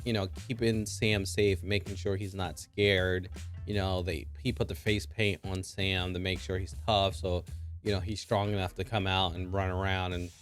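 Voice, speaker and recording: Excitable low-voiced man recapping an episode. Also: normal speed, soft background music. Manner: excitable, heavy filler words. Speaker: show reviewer.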